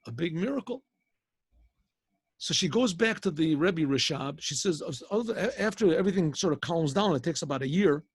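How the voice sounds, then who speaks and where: A man, a rabbi, telling a story in a loose, casual way, with restarts and frequent throat clearing. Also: high voice, dry recording. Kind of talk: storytelling lesson.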